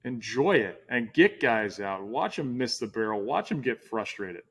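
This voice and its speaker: A man's voice: medium pitch, lively intonation, moderate pace, fairly bright tone, breathy edge. A middle-aged man hosting a casual interview, talking in a rambling way with many restarts. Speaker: podcast host.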